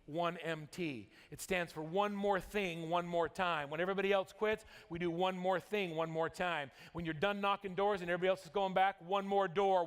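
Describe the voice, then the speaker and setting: A man's voice: high voice, clean tone. A middle-aged man from Utah giving a motivational convention keynote, telling a story with big rises and sudden drops. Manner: energetic storytelling, rising and dropping for drama. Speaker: motivational speaker. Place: large convention hall. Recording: long hall reverb.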